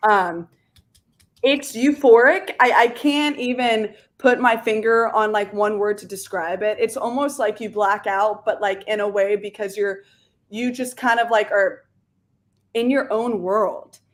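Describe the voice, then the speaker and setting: A woman singer talking as a guest in a casual interview, chatty and animated, with many "like" fillers. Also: medium pitch, measured pace.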